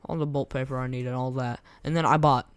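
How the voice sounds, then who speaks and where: A young man giving casual, rambling gameplay commentary, his voice going hoarse, slangy and repeating himself. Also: mid-range voice, steady tone, a little fast, dry recording. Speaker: gaming content creator.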